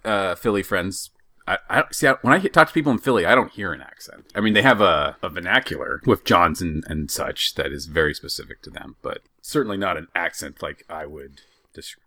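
A man from the western United States, co-hosting a podcast and telling a story in a casual, halting way, with lots of restarts. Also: low-pitched, no echo. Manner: animated, halting, with many restarts. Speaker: podcast co-host.

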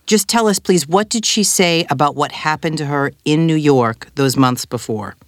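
An actor reading a prosecutor's questions to a witness in a courtroom reenactment, formal and measured. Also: male voice, fairly high pitch, no room sound, studio quality, lightly acted.

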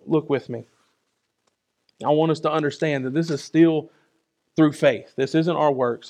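A man preaching a sermon in a conversational way, often asking "right?" and moving between loud and soft. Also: a little high. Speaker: pastor.

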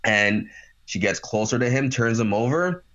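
A man's voice: mid-range voice, normal speed, muffled recording. A man in casual chat, animatedly retelling a show's plot with lots of fillers. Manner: animated storyteller with many fillers.

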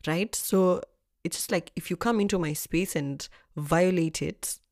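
A young woman tells her own story with lively, swinging emphasis and frequent swearing. Her speaking voice sits fairly low. The sound is close and dry, with no room echo. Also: unhurried. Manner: animated, expressive, swears freely. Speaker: vlogger. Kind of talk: storytelling chat.

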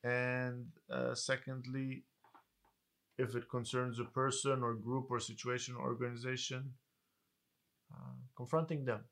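A man co-hosting a podcast, talking calmly and reflectively and giving advice straight to listeners. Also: mid-range voice, unhurried, gravelly. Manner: calm, reflective, advising listeners. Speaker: podcast co-host. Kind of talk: casual podcast chat.

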